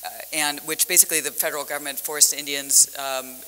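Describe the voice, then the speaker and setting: Woman, professor, conference panel talk, very bright tone, long hall reverb, animated storyteller. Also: sits low, fairly quick, slight background noise. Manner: animated storytelling, acts out dialogue, laughs often.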